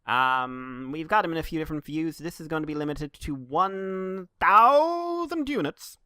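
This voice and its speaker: Bright dry-sounding guy cohosting a podcast, joky and loose. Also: fairly high pitch, lively intonation, normal speed, smooth, dry recording. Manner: joking, loose, with bursts of loud silly voices. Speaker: podcast co-host. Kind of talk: casual chat.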